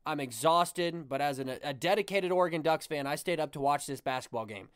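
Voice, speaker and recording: A man's voice: a little high, fairly quick, clean tone, dry recording, studio quality. Man ranting on his own podcast. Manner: exasperated, animated ranting with mock quotes. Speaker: podcast host. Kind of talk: casual ranting monologue.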